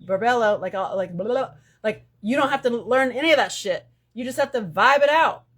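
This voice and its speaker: A woman hosts a casual spiritual live stream from her phone. She talks in lively swings, going from loud outbursts to hushed asides, and she curses freely as she goes. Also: fairly high pitch, a little fast, husky. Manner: animated, swings between loud bursts and hushed asides, profane.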